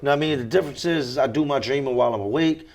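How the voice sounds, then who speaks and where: A man's voice: mid-range voice, rapid-fire, darkish tone. An American man telling his life story as an interview guest, blunt and emphatic, repeating phrases for weight. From United States.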